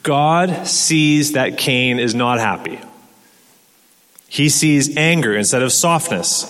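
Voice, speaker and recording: A man's voice: medium pitch, fairly bright tone. A man preaching a sermon in an earnest way, asking rhetorical questions and repeating words as he restarts. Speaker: pastor. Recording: long hall reverb.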